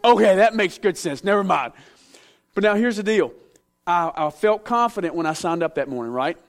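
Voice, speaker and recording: A man's voice: high voice, animated, moderate pace. A middle-aged man preaching a sermon, telling stories with self-mocking humor. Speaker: pastor.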